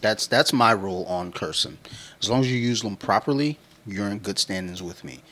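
A man's voice: fairly low pitch, moderate pace, pushed and bright. A man in his thirties co-hosting a podcast, telling loose, profane stories in casual chat and laughing often. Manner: laughs often while talking. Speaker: podcast co-host.

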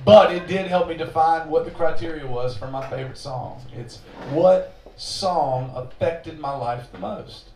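A man's voice: a little high, a little slow, background noise. A man telling a long, profane, self-mocking story on stage between songs at a live show. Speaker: singer-songwriter telling stories on stage. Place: live venue with audience. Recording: roomy live recording from a distance. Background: audience ambience.

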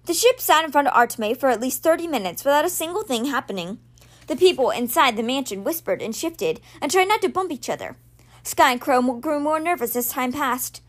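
Woman reading a kids novel out loud on her podcast, high voice, steady storytelling. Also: brisk. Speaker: book reader, podcast host.

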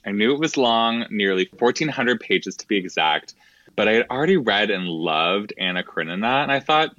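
A man's voice: lowish voice, expressive, normal speed, pushed and bright, dry recording, muffled recording. A man talking about books as a podcast guest, with a wry, self-mocking humor. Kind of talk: casual podcast chat.

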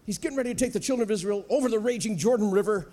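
High-voiced animated male preacher. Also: rapid-fire. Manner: animated, acts out voices with humor. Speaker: guest preacher. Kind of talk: sermon. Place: church sanctuary.

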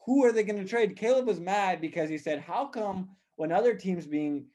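A man's voice: high-pitched, normal speed, dark tone. Chatty young man hosting sports talk. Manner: chatty, asks questions, laughs often. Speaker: podcast host.

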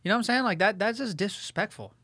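A young man co-hosting a podcast, ranting in an animated way and swearing heavily in casual banter. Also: sits high, very fast, no room sound. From Italian-American family. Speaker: podcast co-host.

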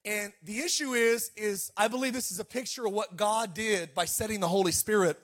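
High-voiced animated male pastor preaching. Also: brisk. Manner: animated storytelling, calls to the congregation. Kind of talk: sermon.

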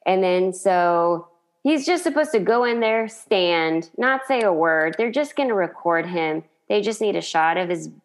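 A woman's voice: fairly low pitch, expressive, unhurried. A woman in casual chat, animatedly retelling a sitcom scene and laughing often.

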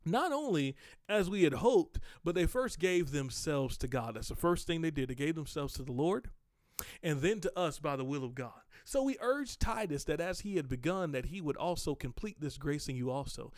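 A man preaching a sermon, reading scripture aloud and explaining it conversationally, moving between slow emphasis and quick asides. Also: on the high side, no echo, studio quality.

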